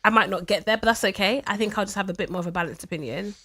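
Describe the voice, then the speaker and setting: A woman co-hosting a podcast in casual chat, lively and playful. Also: mid-range voice, very fast. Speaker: podcast co-host.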